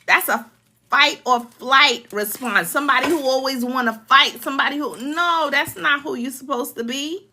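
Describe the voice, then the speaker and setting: A life coach in her forties speaks at normal speed in a high, sharp-toned voice. Talking casually to viewers, she's earnest and emotional, vividly acting out scenes from her past.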